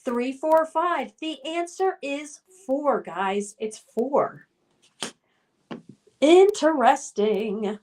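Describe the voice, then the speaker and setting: High-voiced woman streamer reading chat. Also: expressive, very slow, a little mellow, recorded from a distance. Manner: reads viewer comments aloud, chatty and upbeat, hums filler tunes. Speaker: livestream host reading chat. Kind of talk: casual live-stream chat.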